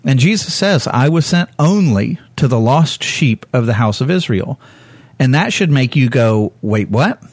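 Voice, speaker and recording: In a loose, conversational sermon, a man guides his listeners through a Bible story at a moderate pace. Lively and candid, he corrects himself and acts out the characters' voices with sudden jumps in pitch. His middle-pitched voice is recorded dry and close, with no room echo.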